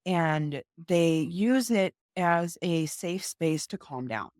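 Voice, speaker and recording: A woman's voice: fairly low pitch, expressive, slow, a little mellow, dry recording, studio quality. A young woman and mother of two, a guest in a casual interview, talking earnestly over a video call and acting out her talks with her kids.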